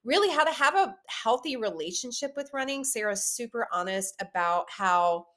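A woman hosting a running podcast, chatting casually in an animated way and laughing often. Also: a little high, moderate pace. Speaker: podcast host. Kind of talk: casual interview chat.

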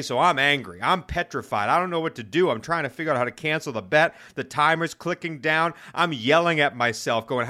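A man with a bright, forceful voice tells a casual story on a betting podcast. He talks in an animated way, swears freely, and sometimes speeds up. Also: fairly high pitch. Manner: animated, swearing, fast-talking. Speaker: podcast host.

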